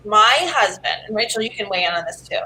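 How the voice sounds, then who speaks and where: Woman host, teasing and playful, bright voice that swings in pitch. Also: animated, fast, slight background noise, rough recording. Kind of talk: casual chat.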